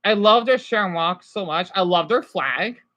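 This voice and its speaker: A man's voice: sits high, a little slow, bright, forceful tone, poor audio. A man chatting casually on a livestream from home, rambling between topics and swearing now and then.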